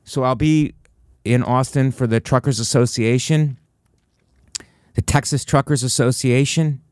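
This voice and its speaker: A man hosting a solo comedy podcast in a studio, delivering mock-motivational rants that jump from high excited bursts to low, flat asides. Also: unhurried, no room sound. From United States.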